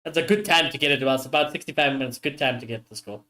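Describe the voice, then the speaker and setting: A man commentating live on a football match for his stream viewers, excitable, swearing often and talking straight to his audience. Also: medium pitch, fast.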